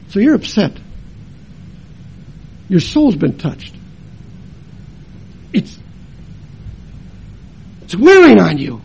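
An older man preaching a sermon and telling his own story, dramatic, moving between loud emphasis and hushed tones. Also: sits high, creaky, breathy edge, dull audio. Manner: acts out family members' voices in his story. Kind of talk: sermon with personal testimony.

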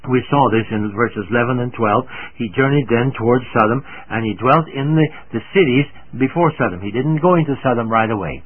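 An older man teaching the Bible on the radio, speaking earnestly and emphatically and reading scripture slowly. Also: medium pitch, husky. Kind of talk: radio sermon. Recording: narrow tinny old radio broadcast.

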